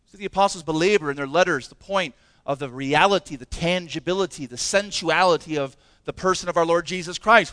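A man's voice: fairly high pitch, brisk, sharp tone, dry recording. A man preaching a sermon as pastor, impassioned and emphatic, with many rhetorical questions.

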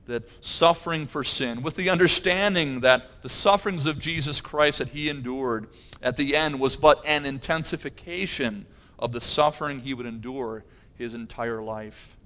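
A man's voice: medium pitch, fairly bright tone. A middle-aged pastor preaching a sermon, earnest, with his voice rising in intensity on key phrases.

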